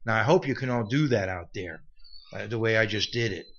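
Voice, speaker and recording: Bright-voiced man giving a Bible teaching. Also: fairly low pitch, a little fast, dull audio. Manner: conversational, many restarts and asides. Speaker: preacher.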